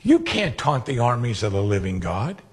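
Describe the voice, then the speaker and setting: Raspy-voiced man preaching a lively sermon. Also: medium pitch, normal speed. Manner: animated storytelling, acting out quoted voices.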